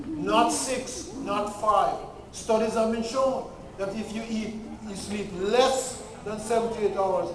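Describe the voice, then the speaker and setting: A man giving a health lecture with a faith angle, emphatic, repeating key points and checking that the audience follows. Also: high-pitched. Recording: echoey hall from far off.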